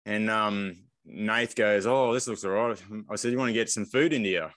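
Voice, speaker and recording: A man with a low voice spins a lively story for his co-host, jumping into other people's lines as he goes. The sound is close and dry. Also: normal speed, no room sound. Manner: lively storyteller who acts out quoted speech. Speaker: podcast co-host and race pacer. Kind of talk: casual race recap chat.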